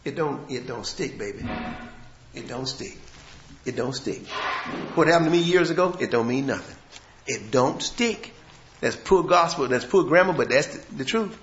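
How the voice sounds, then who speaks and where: Male preacher, folksy sermon, hushed lows and shouted peaks, echoey church room, dull lo-fi audio. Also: expressive, normal speed, a little hiss or hum.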